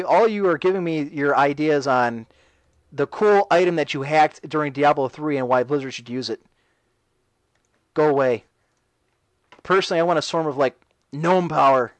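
A man with a somewhat high voice hosts a casual talk radio show, reading chat messages and answering them with sarcastic rants. The recording is rough and has no room sound.

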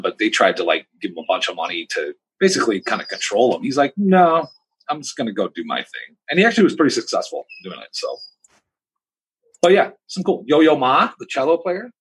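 A man's voice: on the low side, fairly bright tone, breathy edge, low-quality recording. A man on a podcast, rambling through bar anecdotes with bursts of quoted voices. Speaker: podcast co-host. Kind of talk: casual chat.

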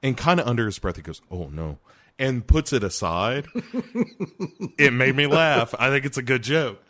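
A man's voice: medium pitch, lively intonation, moderate pace, a bit bright. A man co-hosting a casual film review chat, giving wry, sarcastic commentary with the odd curse. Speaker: podcast co-host reviewing a film.

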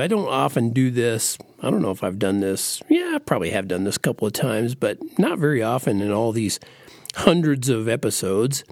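A man's voice: mid-range voice, no room sound, clean studio sound. A man hosting his own podcast, talking in a playful, chatty, casual monologue. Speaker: podcast host.

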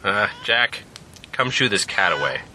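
A man's voice: lowish voice, sing-song, unhurried, bright, forceful tone, a little hiss or hum, exaggerated voice, poor audio. A man voicing a commanding male group leader who speaks in a firm, curt way.

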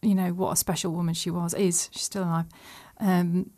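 A woman's voice: lowish voice, level tone, normal speed, darkish tone. A woman co-hosting a podcast in casual chat, enthusiastic and outspoken. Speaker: podcast co-host.

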